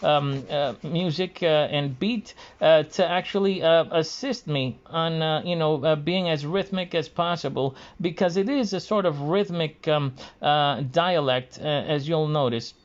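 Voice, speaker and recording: Halting man with a dull lo-fi sound. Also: fairly high pitch. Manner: halting, hesitant, frequent pauses. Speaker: video creator. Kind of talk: casual monologue to camera. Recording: dull lo-fi recording.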